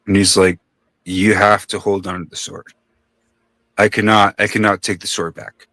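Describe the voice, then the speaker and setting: Guy rambling thru a wild story, swears a lot, bright voice, dry close mic. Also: lowish voice, level tone, normal speed, no echo. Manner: rambling, profane, acts out quoted voices. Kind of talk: casual podcast storytelling.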